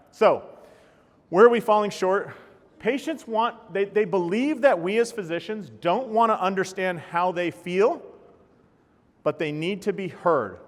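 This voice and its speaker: A man giving a live talk to an audience, energetic and joking, often putting questions to the crowd. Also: high voice. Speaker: speaker at a healthcare talk. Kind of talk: live keynote presentation. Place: large hall with audience. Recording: long reverb of a large hall.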